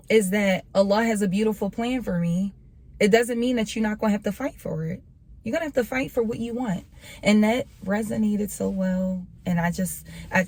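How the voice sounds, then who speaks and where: Woman vlogger, mid-pitched, earnest motivational talk, repeats lines preacher-style. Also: darkish tone. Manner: earnest, repetitive, preacher-like emphasis. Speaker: faith vlogger. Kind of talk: casual motivational talk to camera.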